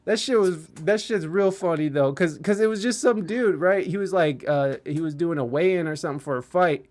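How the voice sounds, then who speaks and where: A man's voice: fairly high pitch, fairly quick, a little mellow. A man hosting a podcast in loose casual chat, laughing often and swearing freely. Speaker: podcast host.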